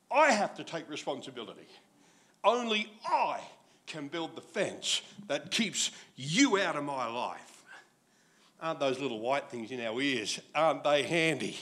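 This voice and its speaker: An Australian pastor in his sixties delivering a sermon full of jokes and acted-out asides. His voice runs higher than most men's and swoops widely from line to line, keeping the telling lively. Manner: jokey, animated storytelling with acted asides.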